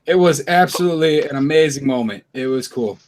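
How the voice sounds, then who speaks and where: A man on a radio show chiming in quickly with his own view. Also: a little high, a little mellow.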